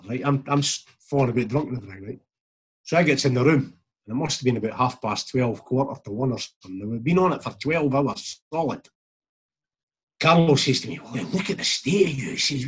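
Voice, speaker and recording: A man's voice: mid-range voice, fairly quick, a bit bright, breathy edge. A middle-aged Scottish man, a former footballer, telling a rambling anecdote with chuckles, acting out what others said. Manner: rambling, chuckling, quotes others in reported speech. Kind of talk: casual anecdotal storytelling.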